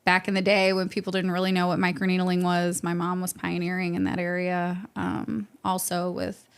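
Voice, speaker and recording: A woman's voice: lowish voice, monotone, normal speed, gravelly, smooth. A young adult woman from the St. Louis area, chatting upbeat in a podcast interview as a guest, with frequent laughs and fillers. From St. Louis area, USA. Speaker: guest, med spa co-owner.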